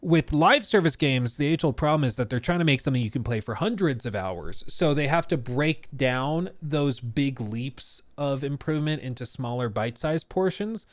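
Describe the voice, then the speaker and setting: A man's voice: mid-range voice, expressive, normal speed, hardly any pauses, no room sound. A man streaming a casual reaction commentary, talking in long rambling stretches full of restarts and fillers.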